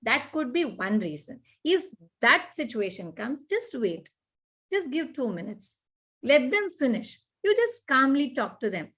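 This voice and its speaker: A woman talks through parenting advice in a conversation. She is earnest and animated, often acting out what parents and children say. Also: sits high, measured pace, breathy edge. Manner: earnest, repetitive, animated explaining with acted-out examples. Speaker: parenting expert guest.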